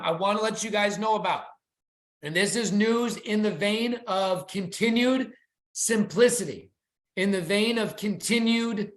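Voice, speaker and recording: With slides shared on a video call, an excitable presenter gives the company's weekly update as if making a sales pitch. There's noticeable reverb.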